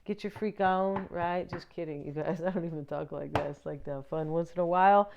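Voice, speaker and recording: A woman's voice: low-pitched, steady tone, quick pace, gravelly, darkish tone, highs cut off, slight background noise. A woman giving a casual tarot reading to her viewers, chatty and loose, often checking in with "right?" and "you know". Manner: chatty, many fillers and "right?" check-ins. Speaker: tarot reader.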